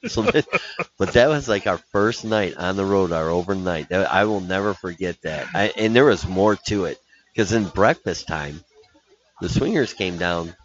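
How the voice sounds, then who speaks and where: Deep male coach, animated storyteller, muffled podcast sound. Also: normal speed. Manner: animated, laughing storyteller with many restarts. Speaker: hockey coach guest. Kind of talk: casual storytelling. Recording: dull lo-fi podcast audio.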